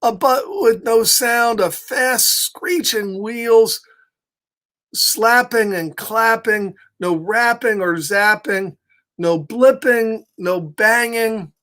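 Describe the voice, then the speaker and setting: A man reading the lines of a boastful young boy from a picture book aloud to children, in slow, sing-song rhyme. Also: high-pitched, a bit bright. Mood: proud, sing-song. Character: boastful young boy proud of his noisy bottom.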